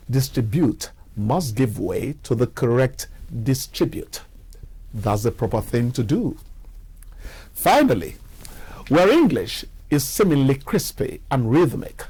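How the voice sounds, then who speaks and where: A man narrates an English pronunciation lesson in a scripted, explanatory way. His voice is slightly husky, and his pitch rises and falls in a lively way as he slows down to demonstrate each example. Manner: explanatory, demonstrates sounds with slowed deliberate examples.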